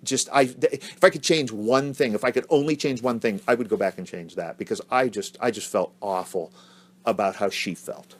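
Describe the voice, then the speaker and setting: A man co-hosting a casual podcast, telling a story in a halting, earnest way and repeating words as he goes. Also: fairly low pitch. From Ohio, US. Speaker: podcast co-host.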